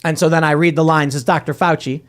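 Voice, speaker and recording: A man's voice: a little high, steady tone, fast talker, a bit bright. A man hosting a podcast, reading viewer comments aloud and chatting casually with wry, jokey asides. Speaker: podcast host.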